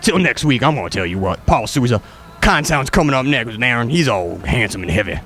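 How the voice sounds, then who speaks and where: A man's voice: sing-song, brisk. Male radio host in a drawling put-on Southern voice. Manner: drawling, mocking, with sudden high yelps. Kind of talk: crude comic radio banter in a character voice.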